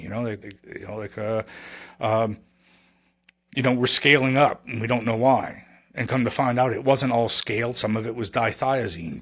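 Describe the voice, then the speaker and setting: A man's voice: medium pitch, a bit bright. A man, a company founder telling stories as a podcast guest, rambling and restarting often and acting out quoted conversations. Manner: rambling, halting, with many restarts and quoted dialogue. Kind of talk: casual storytelling interview.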